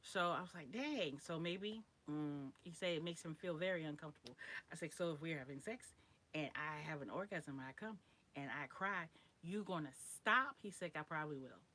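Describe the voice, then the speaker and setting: A woman's voice: deep voice, brisk, a bit bright, slight background noise. A young adult woman hosting a live stream, chatting frankly and directly with her viewers. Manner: chatty, talks straight to viewers, frank about sex. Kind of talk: casual live stream chat.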